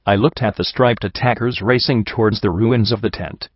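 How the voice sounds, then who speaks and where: A man's voice: on the low side, normal speed, no room sound, dull audio. A man narrating a dramatic first-person story in an earnest, emotional reading.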